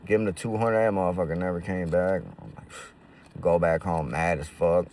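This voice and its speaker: A man's voice: sits low, steady tone, moderate pace, darkish tone, distant mic, a little hiss or hum. A man casually telling stories to camera in profane, slangy street talk full of fillers. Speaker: roofing business owner.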